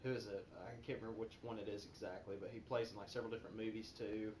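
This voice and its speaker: A man's voice: on the low side, steady tone, racing, a little mellow. Hesitant man in an echoey room. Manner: hesitant, searching for names. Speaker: guest. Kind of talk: casual gaming chat. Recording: echoey room with faint noise.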